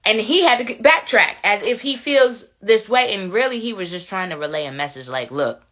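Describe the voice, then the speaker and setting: A woman's voice: medium pitch, animated, moderate pace, a bit bright. A woman hosting a casual commentary show, reading viewer comments and repeating phrases to drive her points home. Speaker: commentary channel host.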